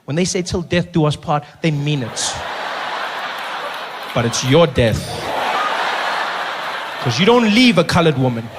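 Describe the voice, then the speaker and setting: Man, South African accent, stand-up comic, high voice, animated and teasing, live stage recording, clear ambient noise. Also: a little slow, pauses often. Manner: animated, teasing, talks to a crowd member by name. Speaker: stand-up comedian. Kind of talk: stand-up comedy routine.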